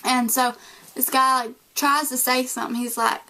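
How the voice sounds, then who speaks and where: This vlogger, a young woman from the United States with a Southern accent, talks at a normal speed in a high voice. She casually narrates a story to the camera, playing out the different people in it with animated voices.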